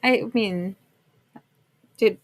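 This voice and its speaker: A woman's voice: mid-range voice, extremely slow. A woman co-hosting a podcast in casual chat, playful and teasing. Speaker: podcast co-host.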